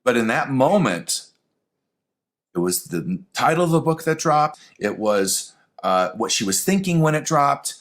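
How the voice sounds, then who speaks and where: A man giving a spoken lesson on intuition, animated and conversational, talking straight to the listener. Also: mid-range voice, measured pace. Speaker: spiritual teacher. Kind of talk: teaching lesson.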